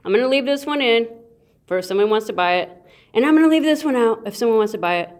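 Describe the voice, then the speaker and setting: A woman hosting a casual unboxing video, playful and goofy, with sound effects and drawn-out, excited remarks. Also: fairly high pitch. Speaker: coin channel host.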